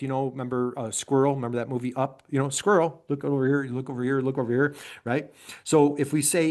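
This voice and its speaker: Over a video call's computer mic, a middle-aged man from upstate New York leads a business webinar with eager, motivational energy. His voice is ordinary in pitch for a man with a darkish tone, and he repeatedly questions his listeners.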